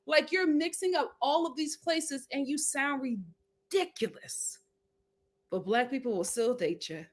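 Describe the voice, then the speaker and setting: A woman with a somewhat high voice talks through a reality show recap in a loose, chatty way. She reads viewer comments aloud and says her points twice for emphasis. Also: moderate pace, hardly any pauses. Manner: emphatic, repeats lines for effect.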